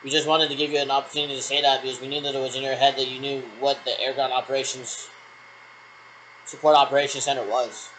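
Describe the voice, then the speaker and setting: A man's voice: mid-range voice, flat delivery, fast talker, fairly bright tone, rough recording. A man in the middle of a long radio check, his talk looping and meandering. He leans on clipped military replies over and over. A faint hiss sits under his voice. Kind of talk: rambling one-sided radio check talk.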